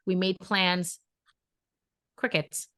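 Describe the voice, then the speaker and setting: A woman, co-hosting a podcast and telling dating stories in a lively, chatty way, acting out quotes. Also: lowish voice, drawn-out words. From New York area. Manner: animated storyteller, acts out quotes. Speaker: podcast co-host. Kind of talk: casual chat.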